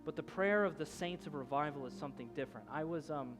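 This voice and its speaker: A man's voice: on the high side, fast, music in the background. A man in his thirties preaching a sermon as a pastor, telling a story in a loose conversational way with many restarts. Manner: storytelling, rising to loud shouting at the climax.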